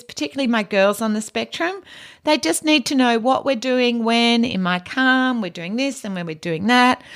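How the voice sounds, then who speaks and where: A woman with an Australian accent hosting a teaching podcast, giving practical advice in a calm, soft, low-key way. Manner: practical advice, frequent "you know". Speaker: podcast host and educator.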